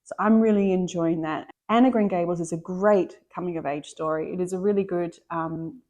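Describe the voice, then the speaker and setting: A woman's voice: on the low side, normal speed, darkish tone. A middle-aged woman, chatting enthusiastically about books she loves as a book vlogger, often restarting her sentences. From Australia. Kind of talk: casual book chat.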